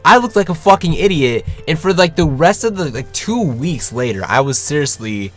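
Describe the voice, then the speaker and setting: A young man tells a story to his viewers in a casual, lively way, jumping into other people's voices as he goes. His pitch holds to the middle of the male range, and he swears freely. Faint music plays behind him. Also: moderate pace. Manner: animated, swears freely, acts out quotes. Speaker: vlogger.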